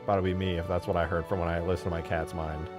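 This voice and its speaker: A man streaming himself modding a game, excitable and swearing a lot, swinging from low mumbles to sudden yells. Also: quick pace, music in the background. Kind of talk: live-stream commentary.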